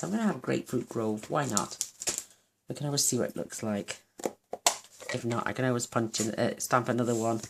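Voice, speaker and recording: Woman, craft tutorial host, chatty and effusive, fry in the voice, faint noise behind. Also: extremely low pitch. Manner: chatty and gushing, thinking aloud while working. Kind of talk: casual card-making tutorial.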